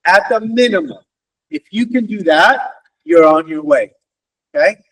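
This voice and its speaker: A man's voice: high-pitched, animated, measured pace, fairly bright tone. A man giving a motivational career talk to students, engaging them and often checking in with "okay?" and "right?". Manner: addresses listeners as "guys". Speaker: guest career speaker, wealth advisor. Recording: distant mic on a virtual event.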